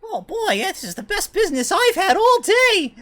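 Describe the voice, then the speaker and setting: A man voicing an adult male gnome disguised as a small boy, a shifty hustler with a squeaky, fake-innocent, stammering voice. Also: very animated, moderate pace, sharp tone, exaggerated voice.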